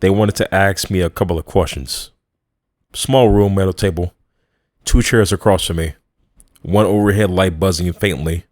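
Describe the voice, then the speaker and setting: A man narrating a first-person horror story in a tense, measured way. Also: sits low, darkish tone, no echo, studio quality.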